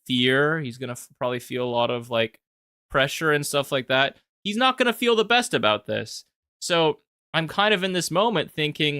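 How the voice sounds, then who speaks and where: Bright-voiced young man rambling animatedly. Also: fairly high pitch, clear, resonant tone, no echo, clean studio sound. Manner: animated, rambling, frequent restarts. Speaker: YouTube commentator. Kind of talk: casual commentary on own video.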